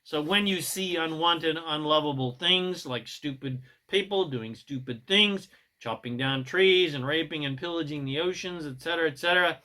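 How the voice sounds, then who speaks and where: A man delivering a self-help monologue in a bright, fairly high voice. He preaches with emphatic punches, swinging from loud bursts to soft asides. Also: normal speed. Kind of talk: motivational monologue.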